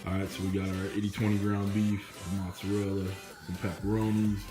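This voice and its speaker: A man with a very low, flat voice runs through a casual recap, listing items one by one. His voice sounds roomy and echoey, with clear music playing beneath it. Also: brisk. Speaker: cooking channel host. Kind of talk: ingredient recap voice-over. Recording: roomy echo with music under the voice.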